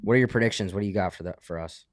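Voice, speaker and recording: A man's voice: lowish voice, rapid-fire, dry recording, studio quality. A man hosting a podcast, chatting casually with swearing and jokes. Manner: casual, profane, joking. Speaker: podcast host. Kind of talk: casual chat.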